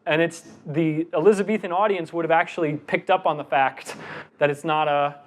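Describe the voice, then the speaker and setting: A middle-aged man presenting a lecture on giving talks, animated, reciting verse with deliberate breaths. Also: a little high.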